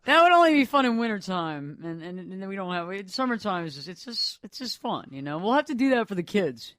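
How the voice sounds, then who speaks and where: Male radio host, high and dry, animated casual chat. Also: brisk, clear, resonant tone, dry recording. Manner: animated, laughs easily, repeats words. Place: radio studio.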